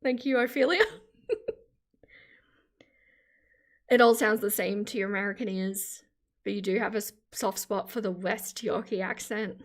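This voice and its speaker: Australian woman hosting a live stream, mid-pitched voice, chatty and laughing, speaks with deliberate clarity. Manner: chatty, laughs often, careful clear enunciation. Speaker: livestream host. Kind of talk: casual live-stream chat answering viewer comments.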